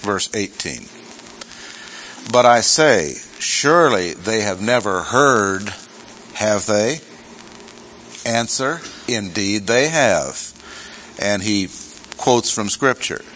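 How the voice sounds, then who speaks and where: A man's voice: on the low side, animated, slow, pauses often, fairly bright tone, a little hiss or hum, poor audio. A man teaching through a Bible chapter in a sermon, reading verses aloud and stressing key words. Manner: reads scripture aloud, self-correcting asides. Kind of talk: expository sermon.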